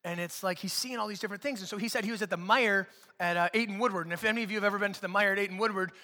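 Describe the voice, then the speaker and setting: A man's voice: high-pitched, rapid-fire, pushed and bright, big-room sound. A man preaching a sermon from a church stage, talking casually and joking with the congregation. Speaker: pastor.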